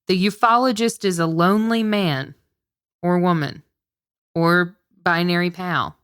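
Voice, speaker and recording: A woman's voice: fairly low pitch, measured pace, a bit bright, clear, resonant tone. A woman co-hosting a podcast in casual chat, sarcastic and joking, swearing freely. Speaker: podcast co-host.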